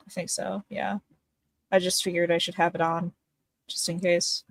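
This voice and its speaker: A woman's voice: lowish voice, level tone, normal speed, gravelly, dry recording. A woman playing in a tabletop game, chatting casually and hesitantly. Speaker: player. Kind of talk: casual chat.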